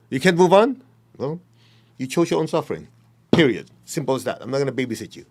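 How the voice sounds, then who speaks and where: A man's voice: medium pitch, very animated, fast. Blunt, emphatic male spiritual teacher. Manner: blunt, emphatic, acts out quoted people. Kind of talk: dharma talk.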